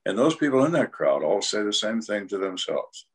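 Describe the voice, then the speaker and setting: Gravelly-toned older man telling blunt stories. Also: on the low side, big pitch swings, normal speed. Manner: blunt, dry, dramatic storytelling. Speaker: retired homicide detective, guest. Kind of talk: storytelling interview.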